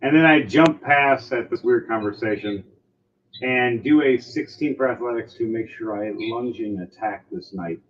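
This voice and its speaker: A man runs a tabletop game as game master, narrating the action with lively energy. His voice sits at a middle pitch, and the recording sounds slightly dull. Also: normal speed, a little hiss or hum. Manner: animated, acts out sound effects and cries.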